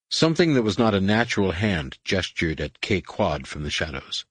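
A man narrating an audiobook in a measured, dramatic storytelling manner. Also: deep voice, very animated, husky, no echo. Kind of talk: scripted narration.

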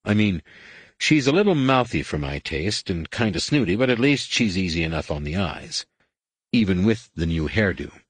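A cocky, laconic starship captain , as a man reads him in an audiobook, with a low, slightly husky voice. He drawls dryly, sounding almost bored. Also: sing-song, normal speed, no room sound, heavily acted. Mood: wry. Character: dry, cocky veteran male starship captain. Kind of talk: audiobook character voice.

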